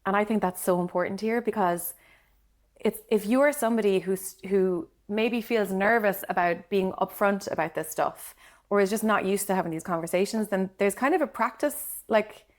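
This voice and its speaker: A woman's voice: medium pitch, moderate pace. A woman with an Irish accent co-hosting a podcast, giving direct, encouraging advice in casual chat. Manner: encouraging, direct, says "like" often. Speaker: podcast co-host.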